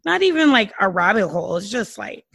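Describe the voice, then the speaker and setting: A hoarse woman co-hosting a podcast in loose, rambling chat. Her voice is gravelly with heavy fry and a husky, breathy edge. The sound is dry and close. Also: sing-song, a little fast, fairly bright tone, dry recording. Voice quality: husky, deeper than usual. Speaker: podcast co-host. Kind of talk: casual chat.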